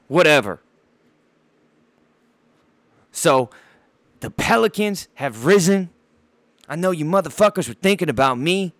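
Swearing the whole way through, a man hosting a podcast tears into basketball, bouncing around with a handheld mic and tripping over his speech in his excitement. His pitch is fairly high and a bit bright, captured dry.

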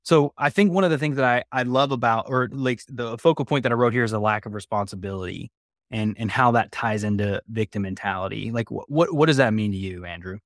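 A man's voice: medium pitch, fairly quick, no room sound, clean studio sound. A man hosting a podcast, upbeat and chatty, often restarting his sentences as he talks. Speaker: podcast host. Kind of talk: conversational interview.

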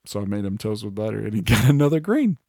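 A man's voice: fairly low pitch, sing-song, fast, vocal fry, dark tone, no echo, studio quality. A man in his thirties co-hosting a podcast, joking crudely and swearing often in casual chat. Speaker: podcast co-host.

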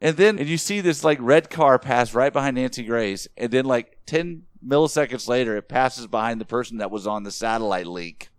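A man's voice: mid-range voice, brisk, hardly any pauses. A man co-hosting a casual podcast chat, who talks emphatically, insists on his points and acts out what others said. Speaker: podcast co-host and editor.

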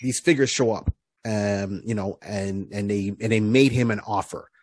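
Husky-voiced man rambling through a story. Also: lowish voice, fairly even intonation, moderate pace, a little mellow. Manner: rambling, full of fillers and restarts. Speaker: podcast co-host. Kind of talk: casual chat recapping comics.

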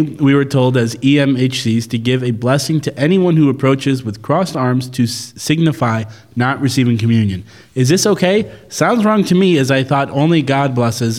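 A man's voice: medium pitch, darkish tone. Jokey man reading a listener question. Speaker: podcast co-host. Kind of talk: casual chat.

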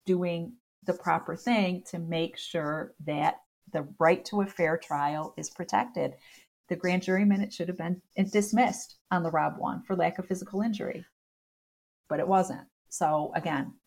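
A woman defense attorney speaks in a slightly low voice as a guest in an interview. She tells her story with animation, acting out the voices of the people she quotes and leaning on "you know". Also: gravelly, darkish tone.

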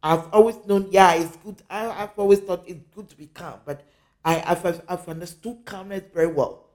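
Spiritual teacher from Africa, earnest, warm mellow tone, hammers key phrases home. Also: mid-range voice, moderate pace.

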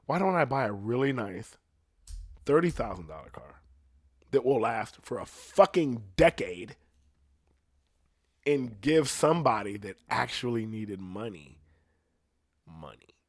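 A man's voice: medium pitch, lively intonation, measured pace, pauses often, no echo, studio quality. A young man hosting a podcast, talking in a casual, profane, rambling way and laughing at himself now and then. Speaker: podcast host.

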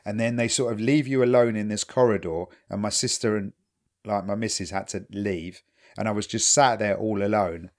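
A man's voice: on the low side, steady tone, moderate pace. Sweary man chatting casually. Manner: sweary, conversational, retells scenes. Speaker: podcast co-host. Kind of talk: casual chat.

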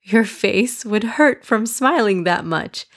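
A woman voicing a patient, loving mother in a children's storybook, speaking gently and coaxingly. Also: mid-range voice, lively intonation, takes it slowly. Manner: gentle, coaxing, slightly raised.

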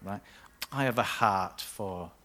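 A man's voice: fairly low pitch, slow pace, bright, forceful tone. A man preaching a sermon as pastor, conversational and with playful asides.

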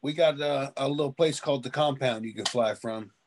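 A man's voice: medium pitch, fairly quick, slight background noise. A man in a casual podcast chat, joking and teasing the others. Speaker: co-host.

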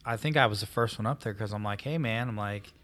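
A man with a fairly low voice asks questions in a casual interview. He hesitates and fills pauses as he talks, and keeps a relaxed, conversational tone.

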